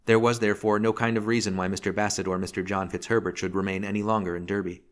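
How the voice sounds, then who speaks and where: Deep-voiced man reading a novel aloud. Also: level tone, fast talker. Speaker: audiobook reader. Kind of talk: scripted narration.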